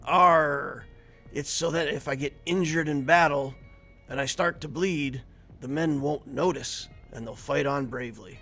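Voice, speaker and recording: A gruff pirate captain growls out his lines in a rough, gravelly voice, as a man puts him on. The voice sits somewhat high. Faint music plays behind. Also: a little slow, bright, forceful tone, exaggerated voice. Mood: growling. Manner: growling "arr" pirate accent.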